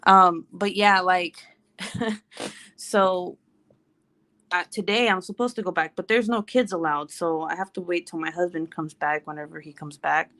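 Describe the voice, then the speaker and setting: A woman in her thirties chatting casually to camera, telling an animated story full of quoted voices. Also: lowish voice, measured pace. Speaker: vlogger. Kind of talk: casual chat.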